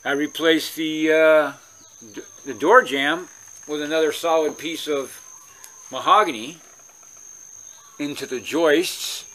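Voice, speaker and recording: A man from California rambles through a casual story for his channel. His voice is bright and ringing and sits a touch high, and he keeps circling back and restarting his sentences. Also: slow, pauses often. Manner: rambling, chatty, many restarts. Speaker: vlogger.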